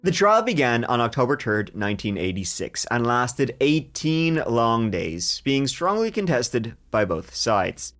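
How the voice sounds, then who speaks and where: A man hosting a true crime podcast, telling the story in a lively way with jokes along the way. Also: mid-range voice, measured pace, few pauses. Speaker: podcast host.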